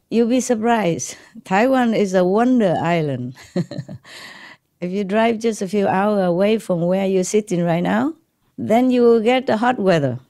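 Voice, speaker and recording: Mellow-voiced woman chatting with disciples. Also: medium pitch, animated, a little slow. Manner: chatty and rambling, laughs often, checks in with "okay?" and "right?"; speaks English with some non-native grammar, switches into Chinese. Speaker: spiritual teacher speaking to disciples. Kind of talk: informal talk to a gathered audience.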